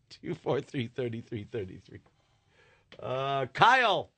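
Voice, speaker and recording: Radio host, male, jovial and laughing, unhurried delivery, very expressive pitch, dry studio sound. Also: no echo. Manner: jovial, laughs easily, repeats the phone number. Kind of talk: live call-in joke segment. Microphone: studio microphone.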